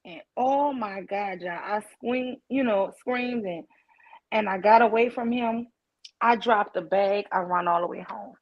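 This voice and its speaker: New woman telling a story on a call, kinda husky, muffled lo-fi audio, lots of y'all. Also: mid-range voice, a little slow. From New Orleans. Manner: animated, addresses listeners as y'all, acts out voices in her story. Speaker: participant sharing a personal story. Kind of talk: casual storytelling in a group call. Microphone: online call device.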